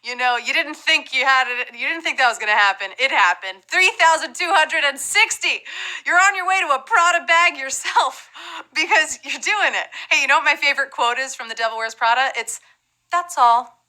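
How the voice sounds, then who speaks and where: A woman's voice: high-pitched, fairly quick, bright, forceful tone, rough recording. A woman hosting a live game show, bubbly, jokey and playful.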